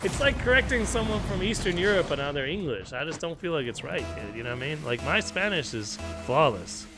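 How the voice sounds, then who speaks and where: Over background music, an American streamer talks casually as he watches a game. His fairly high, sing-song voice is brisk, and he often stammers, says things twice, and breaks into laughter.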